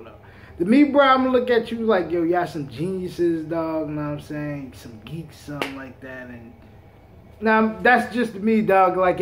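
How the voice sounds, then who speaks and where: A man's voice: sits high, a bit bright. A man hosting a reaction video, chatting casually in heavy street slang with a laid-back drawl.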